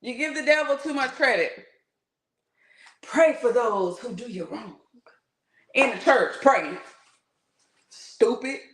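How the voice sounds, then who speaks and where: A woman's voice: fairly high pitch, unhurried, pauses often, a bit bright, a little hiss or hum. A woman giving blunt, profane, sarcastic commentary, acting out other people's voices as she goes. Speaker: spiritual vlogger. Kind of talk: animated casual commentary. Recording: roomy echo.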